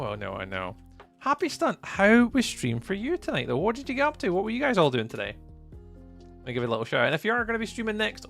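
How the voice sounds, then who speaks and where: A man's voice: fairly high pitch, creaky, fairly bright tone. A Scottish man chatting casually through a live gameplay stream, greeting viewers by name as he talks. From Scotland. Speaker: livestreamer.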